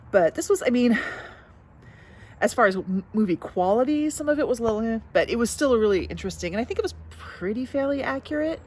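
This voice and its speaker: A woman's voice: lowish voice, slight background noise. A middle-aged woman chatting casually in a book vlog, rambling and interrupting herself, laughing at her own stories. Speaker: book vlogger. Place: backyard outdoors.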